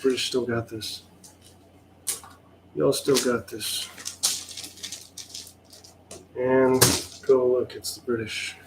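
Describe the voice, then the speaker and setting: Man, unhurried sardonic play-by-play of a solo tabletop game, faint background noise. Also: mid-range voice, flat delivery. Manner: wry, sarcastic, mildly exasperated. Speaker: solo tabletop wargame player.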